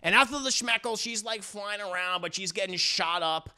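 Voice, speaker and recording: A man's voice: high voice, normal speed, bright, forceful tone. A man reviewing an anime episode in casual recap commentary, rambling and profane, with frequent restarts.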